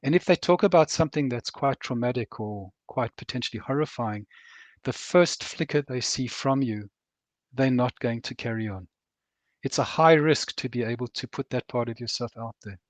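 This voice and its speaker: An older man talks about hard things in an earnest, measured voice, pitched at an ordinary middle. He slows down and weighs each heavy word. The sound is close and dry, with no room echo. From Rhodesia. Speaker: veteran author and counsellor. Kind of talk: reflective interview talk.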